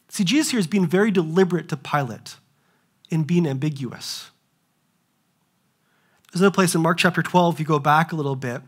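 A young man preaching from the pulpit, his voice sitting a touch high for a man. He keeps it animated, firing off rhetorical questions and slipping into the voices of the people he quotes. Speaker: pastor. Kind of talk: sermon.

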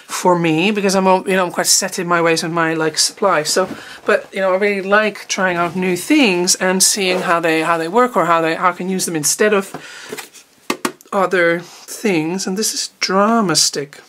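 A woman's voice: fairly low pitch, moderate pace. A woman chatting casually while unboxing art supplies, rambling and often trailing off mid-sentence. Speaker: art teacher. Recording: noticeable background noise.

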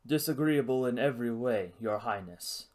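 A man's voice: medium pitch, normal speed, darkish tone, lightly acted. A man reading a storybook, voicing a stern, haughty aristocratic count who speaks in a clipped, disdainful way.

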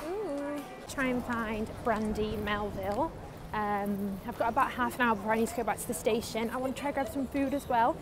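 A young woman chatting casually and self-mockingly to her phone camera as a vlogger. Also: on the high side. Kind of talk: casual vlog commentary. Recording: noisy street and crowd background.

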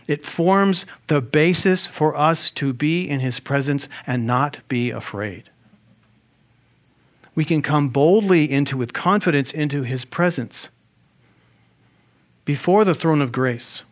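A male pastor preaching a sermon in an animated way, with rhetorical questions and humorous asides. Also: on the high side.

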